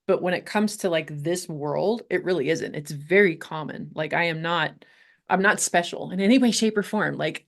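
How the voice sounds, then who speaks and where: Candid, animated middle-aged woman guest. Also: fairly low pitch, creaky. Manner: candid, animated, laughs often, swears casually. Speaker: podcast guest, health coach. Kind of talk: casual interview storytelling.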